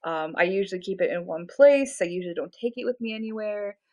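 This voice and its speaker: A woman's voice: mid-range voice, expressive, fast, mellow, rough recording. A woman in her twenties chatting casually on a live stream, self-deprecating and full of fillers. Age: 20s. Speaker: livestreamer.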